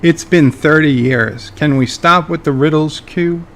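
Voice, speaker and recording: A man's voice: a little high, measured pace, a bit bright, slight background noise. A man voicing an older, dignified male starship captain who speaks formally and gets easily annoyed. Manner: stiff, formal, mildly annoyed.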